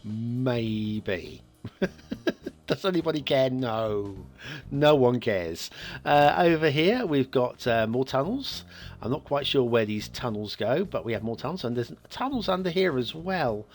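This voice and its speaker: A man's voice: medium pitch, very animated, takes it slowly. A man hosting a map review show, giving rambling, casual commentary on a game map with frequent chuckles and self-mocking asides.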